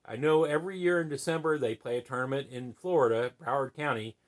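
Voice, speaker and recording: A man's voice: medium pitch, fast. A man hosting his own channel, sharing opinions in a rambling, conversational way with plenty of fillers and tag questions. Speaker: channel host. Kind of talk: casual opinion vlog.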